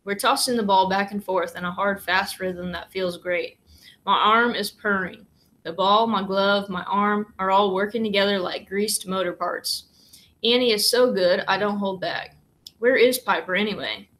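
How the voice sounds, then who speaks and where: A woman reading a children's novel aloud in a steady, plain storybook manner, with only light changes for the characters. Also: medium pitch, normal speed, poor audio. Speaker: reader.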